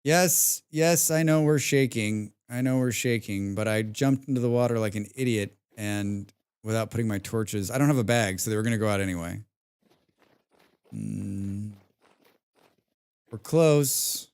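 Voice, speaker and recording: A young man commenting live on a survival game, excitable, talking to himself, humming and swearing between moves. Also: lowish voice, unhurried, smooth. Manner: excitable, talks to himself, hums and mutters while playing; swears often. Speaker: streamer.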